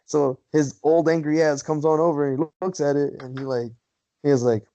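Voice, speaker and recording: A man's voice: fairly high pitch, fairly even intonation, fairly quick, warm tone, muffled recording. A man on a podcast telling a long story, rambling and swearing, laughing often. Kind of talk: casual chat.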